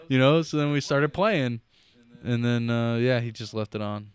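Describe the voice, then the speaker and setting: A man's voice: mid-range voice, normal speed, clear, resonant tone. A middle-aged man co-hosting a podcast, casually telling a game story with swearing and mouth sound effects. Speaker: podcast co-host. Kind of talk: casual chat.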